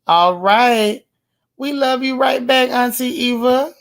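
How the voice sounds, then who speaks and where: A hoarse woman hosting a casual livestream, chatting warmly and reading viewer comments aloud. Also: on the high side, slow. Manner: affectionate, teasing. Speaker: livestream host. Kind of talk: casual live-stream chat.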